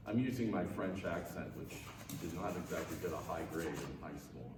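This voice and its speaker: A man announcing raffle winners, reading names slowly with wry asides. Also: low voice. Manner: slow, measured name-reading with wry asides. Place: parish room. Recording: echoey room, far from the mic, audible noise.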